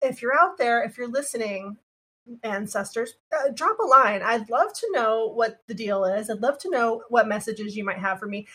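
A woman's voice: fairly high pitch, lively intonation, moderate pace, bright, forceful tone, slightly rough. A woman hosting a podcast, chatting and laughing easily, and introducing the show with enthusiasm. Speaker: podcast host. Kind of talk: casual chat and show intro. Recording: music bed under voice.

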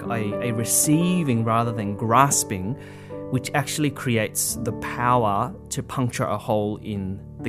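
A man giving a conversational religious talk, earnest and full of asides like "you know" and "right?", often restarting his sentences. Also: mid-range voice. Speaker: Catholic speaker.

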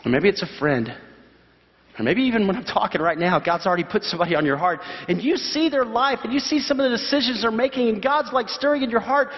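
Male pastor, sermon delivery, high voice, lively storyteller, dull hall sound with long reverb. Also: fast talker. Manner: animated storytelling with voiced quotes and sudden high exclamations.

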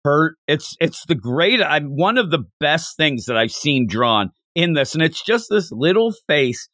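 A man hosting a casual podcast chat, animated and slipping into little acted-out lines. His voice sits at a middle pitch with a lively, swinging melody. The recording is close and dry. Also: a little slow, no room sound. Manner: animated, acts out characters' lines in quotes. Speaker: podcast host.

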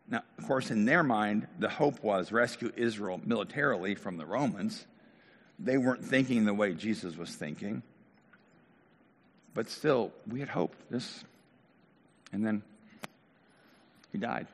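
A man preaching a sermon as a pastor, asking questions with animated emphasis. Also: fairly low pitch, unhurried, long pauses. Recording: long hall reverb.

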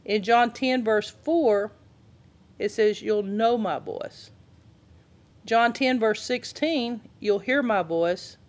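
A woman's voice: a little high, slow. A woman leads a casual Bible class in a conversational voice. She keeps turning to her listeners with questions as she teaches. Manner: conversational, asks the audience questions.

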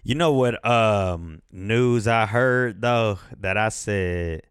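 A man's voice: on the low side, slow, hardly any pauses, clear, resonant tone, dry recording, studio quality. A man in his thirties hosting a casual podcast, rambling, swearing freely and laughing as he goes. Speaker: podcast host. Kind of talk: casual chat.

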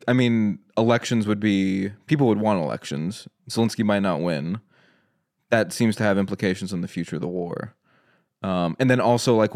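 A man debating the war on a casual podcast, speaking in halting bursts full of "like" and "right?". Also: on the low side, darkish tone. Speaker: podcast guest.

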